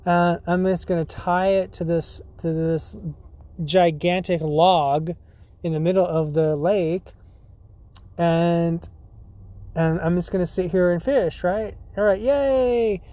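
A man doing an excitable dude fisherman. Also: high voice, slow pace, no echo. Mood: cheerful. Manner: slangy, swearing, keeps saying dude. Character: laid-back male fisherman, excitable.

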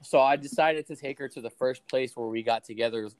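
A young man with a mid-range voice, brisk and smooth, is casually telling friends a long story as a podcast co-host. He rambles, swears, and uses plenty of fillers, and the recording is dry.

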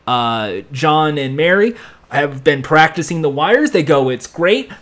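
A man giving a casual, sarcastic recap of a TV episode, rambling and throwing in sound effects and quick impressions. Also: fairly high pitch, lively intonation, fairly bright tone. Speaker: show reviewer.

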